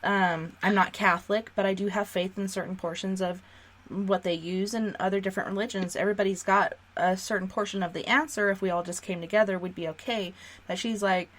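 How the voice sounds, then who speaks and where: A woman's voice: mid-range voice, fairly even intonation, fairly quick, a bit bright. A woman hosting a radio talk show, sharing her beliefs earnestly in casual conversation. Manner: earnest, talks through beliefs. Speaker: radio host.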